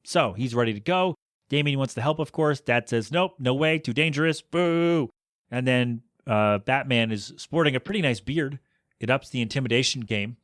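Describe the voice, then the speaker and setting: Animated man reviewing a cartoon, dry sound. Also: medium pitch, moderate pace, no room sound. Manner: animated, rhetorical questions, exasperated asides. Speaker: podcast host. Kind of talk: casual movie review.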